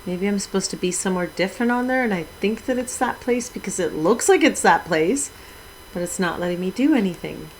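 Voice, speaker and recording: Chatty mom gaming streamer. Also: female voice, mid-range voice, animated, fairly quick, a little hiss or hum, rough recording. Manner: chatty, exclaims with mild minced oaths. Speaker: Twitch streamer. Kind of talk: casual gaming livestream chat.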